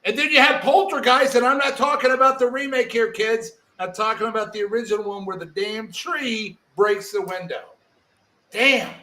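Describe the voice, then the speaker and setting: A man co-hosting a podcast in casual chat, joking loudly and throwing in movie quotes. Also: extremely high pitch, normal speed. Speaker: podcast co-host.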